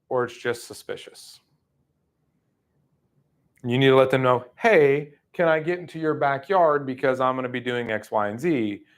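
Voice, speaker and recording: A middle-aged man leading a sales training, telling stories casually and acting out quoted lines with sudden jumps in pitch. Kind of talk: casual training talk with storytelling.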